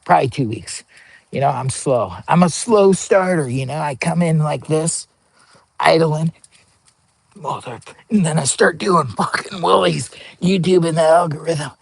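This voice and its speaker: A man's voice: a little high, measured pace, creaky, husky, no echo. A man talking casually in a rambling, goofy, slangy product review vlog, outdoors at camp. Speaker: vlogger. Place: camping outdoors.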